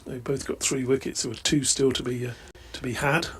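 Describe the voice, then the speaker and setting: A man's voice: mid-range voice, flat delivery, brisk, husky. A man summarising cricket in a chatty, opinionated way, often asking rhetorical questions. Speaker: expert summariser.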